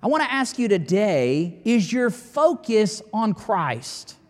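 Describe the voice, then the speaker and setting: High-voiced preaching man in a reverberant hall. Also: very animated. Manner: emphatic, rising to near-shouting at climaxes with long dramatic pauses. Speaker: pastor. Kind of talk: sermon. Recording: long reverb of a large hall.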